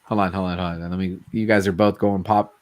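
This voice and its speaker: This host of a casual late-night chat spins loose, animated stories and acts out the quotes in them. His voice is low and he talks fast.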